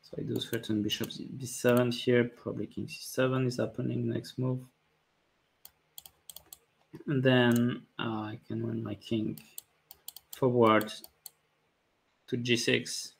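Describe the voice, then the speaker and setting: A man, a chess grandmaster calmly thinking aloud about his moves during a live stream, with light jokes. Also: medium pitch, a little slow, gravelly, long pauses. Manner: calm, thinking aloud move by move, light joking. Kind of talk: live-stream commentary on his own play.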